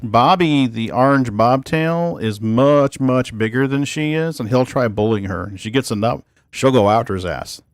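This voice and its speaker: Gravelly-voiced man chatting over a game. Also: medium pitch, moderate pace, hardly any pauses, dry recording. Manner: chatty, talks to his cats between plays. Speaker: streamer. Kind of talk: casual gameplay commentary.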